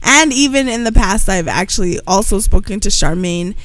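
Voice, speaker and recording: A woman's voice: mid-range voice, lively intonation, normal speed, fairly bright tone, rough recording. A woman co-hosting a podcast in casual, playful chat, who jokes around with put-on accents. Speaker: podcast co-host.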